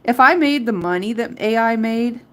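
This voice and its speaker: A woman's voice: a little high, expressive, moderate pace. A middle-aged woman hosting a live crochet tutorial, chatting casually and counting her stitches aloud. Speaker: crochet livestream host.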